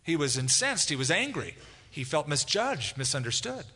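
A man's voice: fairly high pitch, big pitch swings, normal speed, sharp tone, breathy edge. A man preaching a conversational sermon as pastor, acting out quoted dialogue. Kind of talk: expository sermon. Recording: long hall reverb.

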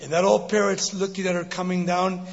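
Husky animated preacher in a big hall. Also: male voice, high voice, a little fast. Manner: animated storyteller, laughs often. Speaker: guest preacher. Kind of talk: sermon with jokes and testimony. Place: church sanctuary. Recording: dull recording in a big reverberant hall.

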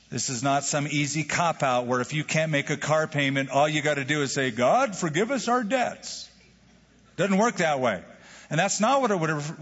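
A man preaching a sermon as a pastor, animated, acting out quoted prayers with jokes. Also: medium pitch. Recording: dull lo-fi sound with hall reverb.

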